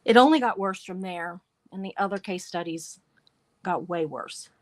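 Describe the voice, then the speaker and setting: A woman's voice: on the low side, moderate pace, dry recording. A woman hosting a livestream, reading passages aloud and adding wry asides between them. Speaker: livestream show host.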